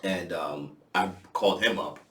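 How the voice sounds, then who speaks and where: A man chatting casually with a friend, easygoing and quick to laugh. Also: sits low, pushed and bright, roomy sound, distant mic. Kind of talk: casual chat.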